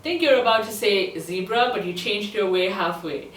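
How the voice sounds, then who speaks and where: A woman teaching a language lesson as a tutor, pronouncing each word slowly and having listeners repeat after her. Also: medium pitch, reverberant, far from the mic, rough recording. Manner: slow, deliberate pronunciation drills. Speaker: German tutor.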